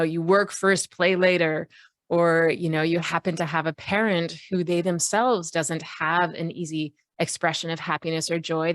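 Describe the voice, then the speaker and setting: A woman's voice: low voice, vocal fry, dry recording, studio quality. A woman coach giving a conversational online talk to a group, full of fillers and self-corrections.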